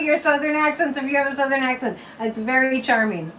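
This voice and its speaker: Woman, casual livestream host, higher voice, chatty and teasing; distant mic. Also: fairly quick, a bit bright, a little hiss or hum. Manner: chatty, repetitive, mocking, with frequent laughs.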